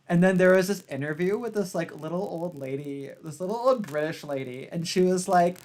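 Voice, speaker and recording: A man hosting a podcast, chatting casually, with a profane and animated ranting manner. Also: high-pitched, fast talker, hardly any pauses. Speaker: podcast host. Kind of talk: casual chat.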